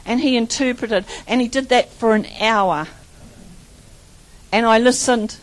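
Woman preacher, high voice, charismatic sermon, rambling and fervent. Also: measured pace, poor audio. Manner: fervent, repeats phrases, breaks into laughter; rambling with restarts and stumbles.

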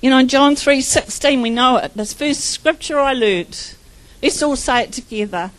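A woman's voice: a little high, normal speed, low-quality recording. A middle-aged woman preaching a personal testimony sermon, telling her story with laughter and tearful moments.

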